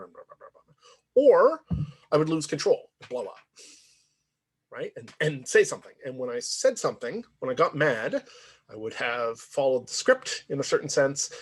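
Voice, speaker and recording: A man's voice: medium pitch, slightly rough. A man lecturing in a conversational, reflective way, often checking in with "right?". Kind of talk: university lecture.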